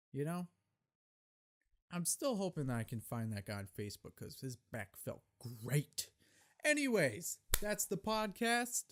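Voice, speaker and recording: A young man hosting a casual solo podcast, telling stories in a profane, rambling, animated way, recorded on camera. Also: high-pitched. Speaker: podcast host.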